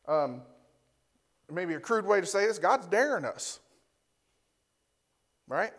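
Man preaching with a fairly high voice. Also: expressive, a little slow, pauses often, a bit bright. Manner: teaching, often ends points with a rhetorical "right?"; reads Scripture aloud and defines Hebrew and Greek words. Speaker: pastor. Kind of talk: sermon. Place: church before a congregation.

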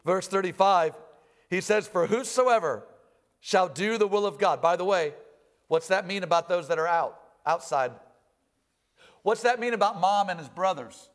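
A male pastor preaching a sermon in church, reading scripture and explaining it with animated emphasis, rising loud at key points and dropping low when he acts out quoted lines. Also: normal speed.

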